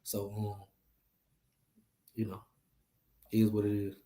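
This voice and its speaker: A man's voice: on the low side, completely flat delivery, slow pace, mellow, echoey room. A man hosting a casual livestream chat, talking animatedly and repeating himself as he addresses viewers. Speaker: host.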